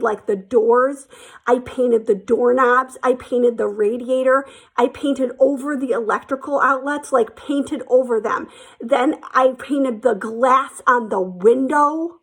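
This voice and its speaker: A woman's voice: fairly high pitch, vocal fry, husky. A woman telling a personal story in a casual, chatty way, with lots of fillers, acting out the quotes.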